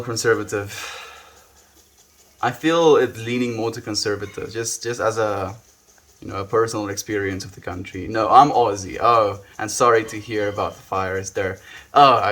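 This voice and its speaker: A young South African man chatting softly and reflectively with viewers on a live stream, often trailing off with "you know". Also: lowish voice. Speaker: livestreamer. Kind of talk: casual live-stream chat.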